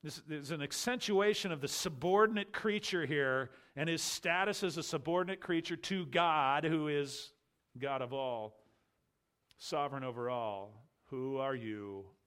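A man's voice: fairly high pitch, unhurried. Emphatic preacher, man with a raised voice. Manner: emphatic, rhetorical, swings between loud and quiet. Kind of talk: expository sermon.

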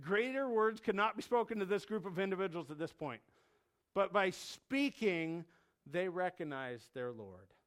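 Male preacher, higher register, very animated delivery, dramatizes and repeats for emphasis. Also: moderate pace. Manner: animated, acts out the disciples' panic, repeats key phrases. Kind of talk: expository sermon.

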